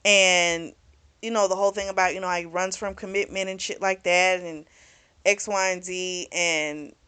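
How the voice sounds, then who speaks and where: A woman giving a casual, blunt, profane recap of a novel's plot, animated and full of fillers. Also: on the low side, normal speed, clean tone. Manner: blunt, profane, talks back at the characters; animated storytelling with lots of fillers. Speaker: book reviewer.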